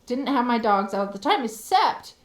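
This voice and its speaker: A woman streamer telling a story in a heated, profane, animated rant. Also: fairly high pitch, brisk, roomy sound. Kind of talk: casual ranting storytelling.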